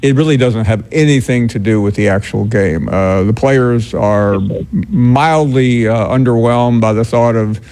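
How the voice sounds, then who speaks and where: A man hosting a sports call-in radio show, speaking in a measured way with frequent filler pauses. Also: mid-range voice, warm tone. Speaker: sports talk radio host.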